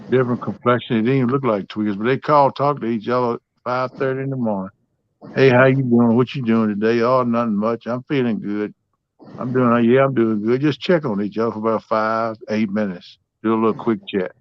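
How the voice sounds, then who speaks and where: A man's voice: mid-range voice, no echo, lo-fi sound. A man hosting a livestream, telling family stories in a folksy, drawling way. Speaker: livestream host. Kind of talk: casual storytelling chat.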